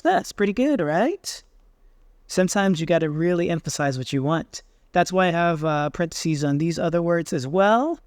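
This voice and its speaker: A man hosting a software tutorial, casually thinking aloud with fillers as he tries things on screen. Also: fairly high pitch, animated, moderate pace, dry recording. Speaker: tech tutorial host. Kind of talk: screen-recorded software walkthrough.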